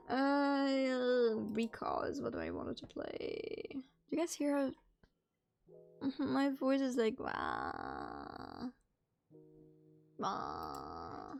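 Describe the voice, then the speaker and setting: A woman's voice: high-pitched, very animated, takes it slowly, a little mellow, soft background music. A young woman live-streaming in casual chat, teasing her friends playfully and swearing freely.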